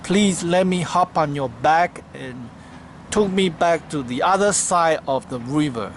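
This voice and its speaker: A man doing a shrill, desperate scorpion. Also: lively intonation, measured pace, a little hiss or hum. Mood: begging. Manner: shrill pleading cries. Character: desperate starving male scorpion, pleading and scheming.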